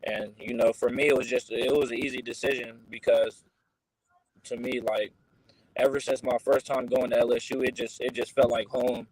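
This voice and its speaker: Laid-back teenage boy, halting answers. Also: mid-range voice, little pitch movement, darkish tone, poor audio. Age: teens. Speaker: guest, high school football recruit. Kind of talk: casual interview answers.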